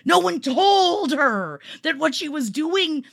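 A podcast host in casual comedic chat who talks excitedly, swears freely and slips into mocking voices. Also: high-pitched, slow pace, creaky.

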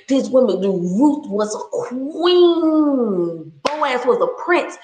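Woman, 30s, higher voice, passionate preacherly delivery, roomy echo. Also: big pitch swings, extremely slow, a little mellow. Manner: passionate, preacherly, laughs often. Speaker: speaker sharing her story. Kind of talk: faith-based talk.

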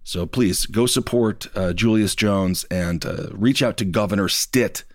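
A man hosting a podcast, talking in a loose, animated, joking way about news. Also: fairly low pitch, unhurried, no echo, clean studio sound. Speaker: podcast host. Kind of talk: casual political chat.

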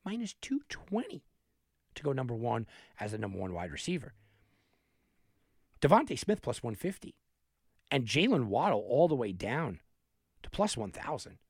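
A man hosting a sports betting talk, animated and thinking aloud, often restarting his sentences. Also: mid-range voice, moderate pace, long pauses, husky, dry recording, studio quality. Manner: animated, talks himself through picks with restarts. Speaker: sports betting show host.

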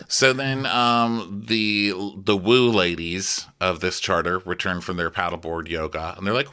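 A man's voice: lowish voice, moderate pace, bright, forceful tone. A man co-hosting a podcast, chatting in a casual, comedic way and jumping into exaggerated voices of people. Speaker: podcast co-host. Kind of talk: casual comedic recap chat.

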